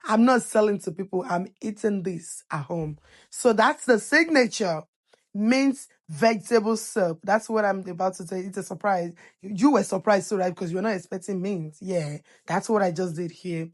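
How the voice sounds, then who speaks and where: Talking at a normal speed in a medium-pitched voice, a cooking channel host narrates a casual voice-over explaining each step of her cooking. She's chatty and playful, teasing viewers with laughs.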